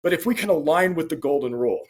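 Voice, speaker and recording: Higher-pitched man telling a story as a guest. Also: animated, fast. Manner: anecdotal, acts out quoted dialogue, laughs between points. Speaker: podcast guest, speaker and author. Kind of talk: conversational storytelling in an interview.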